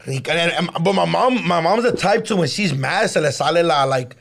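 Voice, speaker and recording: A man's voice: fairly high pitch, lively intonation, fairly quick, gravelly. A man co-hosting a podcast, telling stories in casual chat with street slang and some Spanish words. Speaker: podcast co-host.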